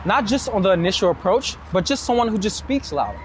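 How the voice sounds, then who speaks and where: A man hosting his dating-advice show, talking straight to camera outdoors at night in a city, energetic and direct with some swearing. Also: high voice, quick pace. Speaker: dating coach and show host. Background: street noise, passing vehicles, distant shouting.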